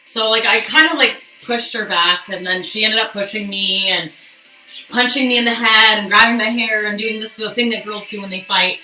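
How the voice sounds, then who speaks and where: Bright woman telling a story. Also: mid-range voice, normal speed, recorded from a distance. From Canada. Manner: candid, profane, chatty with viewers. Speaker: livestream host. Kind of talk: casual storytelling. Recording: echoey room, off mic, faint music.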